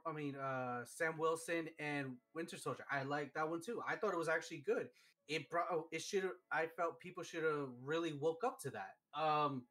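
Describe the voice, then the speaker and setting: A man hosting a live stream, chatting casually and telling stories excitedly, with lots of fillers. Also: fairly high pitch. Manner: excitable, animated storytelling with many fillers. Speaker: streamer host. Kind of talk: casual chat.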